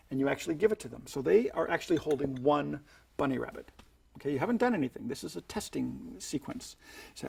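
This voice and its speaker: A man's voice: on the high side, expressive, fast, vocal fry, husky. A man teaching sleight-of-hand magic tricks in a chatty, playful way, slipping into showman patter as he demonstrates. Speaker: magic instructor.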